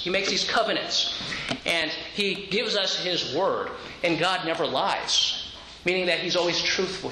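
A man's voice: sits high, reverberant, background noise. A man preaching a sermon, explaining scripture step by step and often repeating a word as he restarts. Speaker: pastor.

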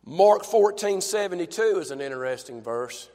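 A male preacher delivering a fervent sermon in a church, dropping to a hush and then building to shouts with repeated phrases. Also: high-pitched, expressive, moderate pace, long reverb tail.

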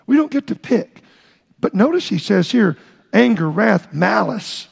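Gravelly, husky man preaching in a hall. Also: sits high, expressive. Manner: halting, repeats words, explains Greek terms. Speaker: pastor. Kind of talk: sermon. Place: church sanctuary. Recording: long reverb in a large hall.

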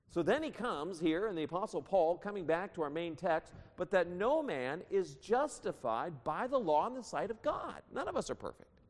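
A man preaching a sermon with strong emphasis, reading scripture aloud and swinging his voice high and low. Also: big pitch swings, moderate pace. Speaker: pastor. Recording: long reverb of a church hall.

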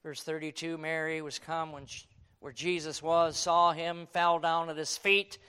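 High-voiced man preaching a fiery sermon. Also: fairly even intonation, normal speed, clear, resonant tone. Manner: dramatic, swings from hushed to shouting; quotes King James scripture.

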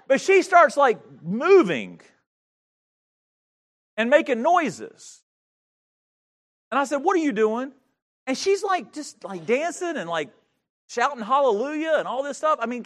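A pastor telling a funny, self-mocking story during a sermon. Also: male voice, very high voice, fairly bright tone.

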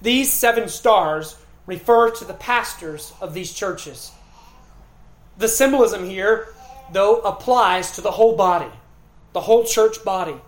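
Earnest preaching man in an echoey hall. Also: high-pitched. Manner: earnest preaching with emphatic repetition and pauses. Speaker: pastor. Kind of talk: sermon.

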